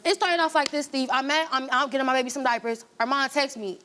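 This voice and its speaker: A woman's voice: high voice, quick pace, hardly any pauses. A woman, a talk show guest, telling her story with feeling and acting out the quoted voices. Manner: animated, acts out quoted voices.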